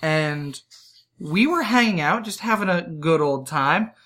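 A young man co-hosting a casual podcast, telling animated stories. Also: on the high side, a little slow. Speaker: podcast co-host.

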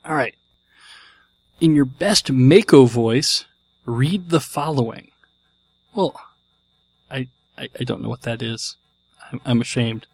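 A man's voice: medium pitch, takes it slowly, long pauses, a little mellow, slightly rough. A man hosting his podcast, talking casually with a jokey, self-deprecating manner. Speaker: podcast host.

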